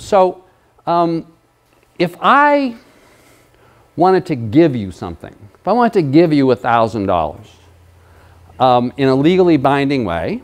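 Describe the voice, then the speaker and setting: A man with a somewhat high voice presents a law seminar to an audience. He explains ideas in a conversational way, with restarts, fillers and the odd dry joke at his own expense. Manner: explanatory, with dry self-deprecating jokes. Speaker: elder law attorney.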